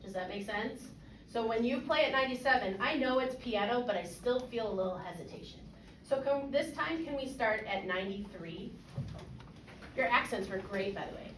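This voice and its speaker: A woman's voice: a little high, animated, normal speed, distant mic, slight background noise. Woman band clinician, casual and encouraging; recorded from afar in a roomy rehearsal space. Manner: casual, encouraging, lots of fillers and checks for understanding. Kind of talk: coaching a student ensemble. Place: rehearsal room. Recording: echoey room, voice from afar.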